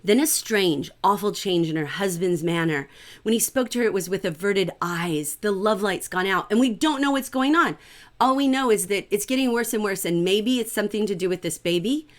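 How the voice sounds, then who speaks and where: Teaching literature over a livestream, a middle-aged woman speaks at a moderate pace with a medium-pitched voice. Her style is lively and conversational, and she keeps asking "right?" to check in.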